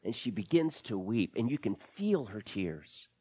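A man preaching with a very lively, rising and falling voice. He leans hard into some lines and drops almost to a whisper on others. The sound is dry and close. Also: lowish voice, a little slow, husky, no room sound. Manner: dramatic swings between loud emphasis and hushed near-whispers. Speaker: pastor. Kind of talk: sermon.

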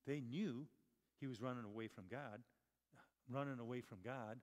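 A man's voice: medium pitch, expressive, moderate pace, a little mellow. A man preaching a conversational sermon, chatty and full of rhetorical questions and self-corrections. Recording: long reverb of a large hall.

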